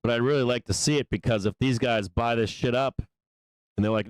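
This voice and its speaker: Profane, excitable stock trading host. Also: male voice, mid-range voice, moderate pace, dry recording. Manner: profane, excitable, loose trader talk. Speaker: stock market show host. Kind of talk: live trading commentary.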